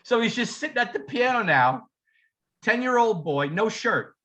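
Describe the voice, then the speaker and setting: A man's voice: extremely high pitch, moderate pace, lo-fi sound. A man who teaches music, telling funny stories in a casual chat, laughing often and acting out the people he quotes. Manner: animated, laughing, swearing, acts out quoted voices. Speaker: podcast co-host, music teacher.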